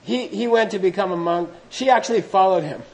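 Casual male dharma teacher, high-ish voice, chatty asides. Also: a little fast, rough recording. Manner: chatty, full of "you know" asides, laughing. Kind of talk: storytelling talk.

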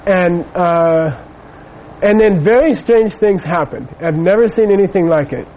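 A man's voice: high-pitched, measured pace, darkish tone, muffled recording, a little hiss or hum. A middle-aged man giving a Buddhist teaching, telling a personal story in a rambling way with many fillers. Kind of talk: dharma talk with personal anecdote.

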